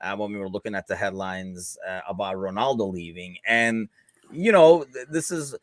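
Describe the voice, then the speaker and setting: A man's voice: fairly low pitch, moderate pace, no room sound. American guy chatting football on his morning show, dry close sound, sarcastic, laughs a lot. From United States. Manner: conversational, sarcastic, laughs easily. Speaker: podcast host. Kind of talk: casual football chat.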